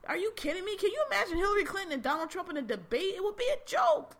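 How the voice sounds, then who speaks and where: A woman with a high-pitched voice and a bright, sharp tone hosts a podcast. She rants casually about politics, blunt and exasperated, with plenty of swearing. Her sentences often break off and start again. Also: sing-song, very fast. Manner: blunt, exasperated, profane, many restarts. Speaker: podcast host.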